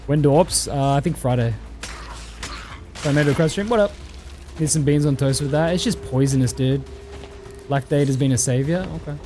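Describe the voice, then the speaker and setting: A young Australian man streaming a game, chatting casually, swearing often and reading chat, over clear background music. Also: on the high side, mellow. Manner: laid-back, swears often, reads chat.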